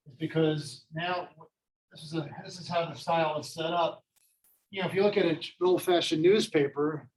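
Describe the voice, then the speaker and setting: Male teacher, casual classroom lecture, rambling, self-deprecating, voice a bit on the high side. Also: poor audio.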